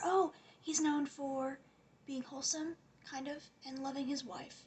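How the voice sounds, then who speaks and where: A woman's voice: sits high, fairly even intonation, takes it slowly. A woman giving a casual, rambling rant as a commentary vlogger, sarcastic and often dropping to a whisper.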